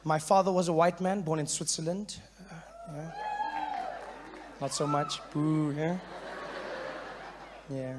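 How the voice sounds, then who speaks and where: South African man, stand-up comedian, high-pitched, animated delivery. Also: slow, long pauses, noisy background. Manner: animated, switches into character voices.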